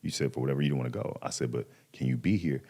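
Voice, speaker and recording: Very deep, husky, and rapid-fire, the voice comes from a man in his thirties guesting on a podcast. He casually tells a personal story, animated and slangy, performing the voices he quotes.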